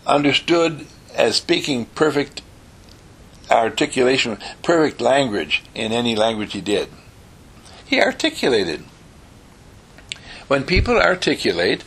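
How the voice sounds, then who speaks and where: A man giving an informal lesson with a gravelly, slightly husky voice. His pitch swings widely as he talks. He repeats his points over and over and chuckles through his asides. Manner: animated, repetitive, chuckling asides. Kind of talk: informal spoken lesson to a small group.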